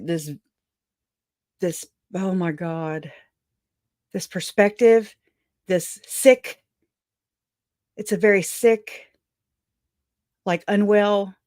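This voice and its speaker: A woman hosting a livestream, angry and profane, with halting restarts and frequent laughs. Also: on the low side, no room sound, clean studio sound. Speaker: livestream host.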